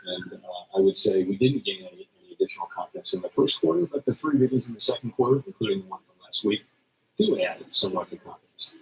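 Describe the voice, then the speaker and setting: A man giving measured, hedging press conference remarks as a central bank official, with frequent fillers. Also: lowish voice, expressive, far from the mic, a little hiss or hum, poor audio.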